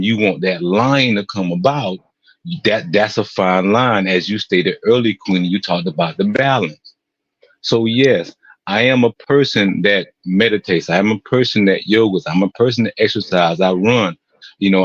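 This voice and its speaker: A man's voice: lowish voice, no echo. An older man in casual chat, speaking earnestly and with emphasis, often repeating himself. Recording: muffled dry sound.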